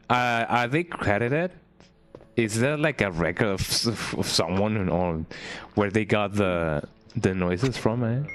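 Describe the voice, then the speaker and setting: Lively low-voiced man streaming a game. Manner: tags nearly every sentence with "eh?"; playful, chats with viewers while playing. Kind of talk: casual gameplay commentary.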